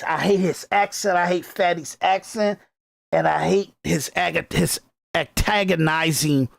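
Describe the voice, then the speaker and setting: A man hosting a podcast, rambling and irritated as he reacts to clips. His voice sits a little high with a gravelly fry. It sounds dry and close to the mic. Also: fairly bright tone, no echo. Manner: rambling, irritated, repeats himself with restarts. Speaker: podcast host. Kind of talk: casual commentary reacting to clips.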